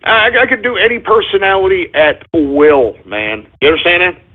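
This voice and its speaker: Exasperated ranting radio host, phone-tinny. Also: male voice, high voice, expressive, fairly quick. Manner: exasperated, berating, swears often. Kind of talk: ranting call-in radio monologue. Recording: tinny phone-line sound.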